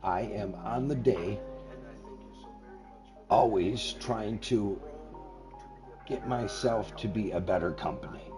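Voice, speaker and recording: A man's voice: lowish voice, takes it slowly, long pauses, over music. An older man, a self-described grandpa, chatting in a folksy, rambling, earnest way on a gaming live stream, now and then slipping into radio-announcer patter.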